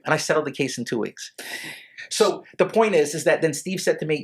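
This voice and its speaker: A man in his forties, a lawyer, recounts his past in a loose conversational way. His voice is gravelly and somewhat husky, and he stumbles and restarts often, moved by his memories. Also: on the high side. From Connecticut, USA. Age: 40s. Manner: halting, many restarts, emotional, choked up. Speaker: lawyer, podcast guest. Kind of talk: casual storytelling interview.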